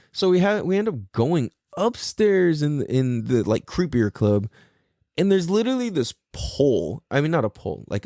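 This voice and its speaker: A man hosts a podcast and rambles through a story, full of slang, fillers and swearing. His pitch jumps around a lot, while his tone stays mellow. The sound is close and dry. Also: dry recording. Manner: mimics people in quoted voices. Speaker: podcast host. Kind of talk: casual storytelling.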